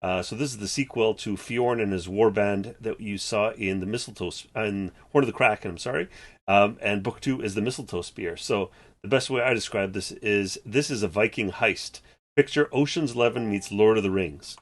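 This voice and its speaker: Low-voiced man pitching his books. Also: normal speed. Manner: enthusiastic pitching, many fillers. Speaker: game publisher guest. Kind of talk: casual chat.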